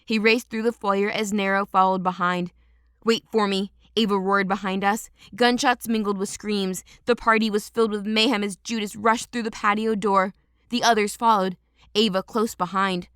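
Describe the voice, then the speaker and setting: A woman narrating a first-person audiobook in a steady, dramatic storytelling manner. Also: mid-range voice, moderate pace, clean tone, no room sound, studio quality.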